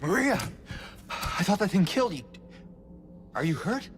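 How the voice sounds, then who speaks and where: A man's voice: high voice, big pitch swings, a little slow, a little hiss or hum. An actor playing an anxious young man in a horror video game, speaking in an urgent, alarmed way.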